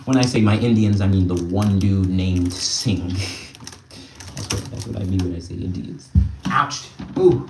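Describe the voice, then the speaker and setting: A man's voice: low voice, a little slow, roomy sound, recorded from a distance, slight background noise. A young man hosting a casual live stream, bantering with his chat, reading their comments aloud and laughing often. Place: indoors at home, small room.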